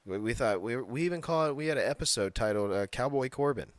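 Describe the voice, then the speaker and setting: A man's voice: medium pitch, lively intonation, fast, no room sound. A man co-hosting a casual wrestling podcast, talking bluntly, swearing freely and laughing often. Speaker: podcast co-host.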